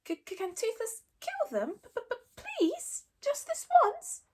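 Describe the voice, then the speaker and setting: A woman's voice: very high voice, huge pitch swings, unhurried, voice pushed up, full character voice. A woman voicing a small, stubborn, sulky male dragon who stammers on his words, in a storybook reading. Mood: eager.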